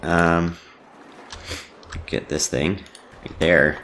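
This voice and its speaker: A man's voice: low-pitched, flat delivery, drawn-out words, a bit bright, slight background noise. A man casually commenting on his own park-building game, rambling with many fillers and self-deprecating asides. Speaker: let's play host.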